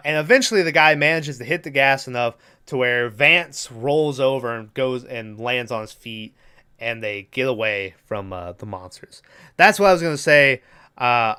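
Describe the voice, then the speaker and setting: Bright, crisp-voiced man recapping a movie. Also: mid-range voice. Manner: loose, profane storytelling, acts out characters' lines. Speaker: podcast co-host. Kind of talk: casual movie-recap chat.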